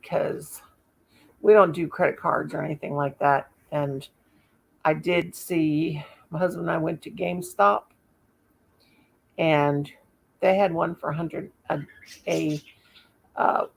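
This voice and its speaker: A woman's voice: low-pitched, gravelly, husky. A woman hosting a casual live stream from home, rambling and chatting with viewers and often stopping to search for words. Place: home, in the dark with one light on.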